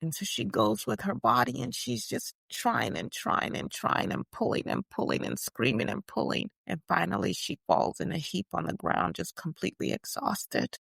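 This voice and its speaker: Woman cast as a defiant older activist: gravelly low voice, emphatic measured storytelling. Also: huge pitch swings, fairly bright tone, no room sound, studio quality, exaggerated voice. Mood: reflective. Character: older female activist recounting prison years, defiant. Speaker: guest portrayed in interview. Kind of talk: first-person dramatized interview.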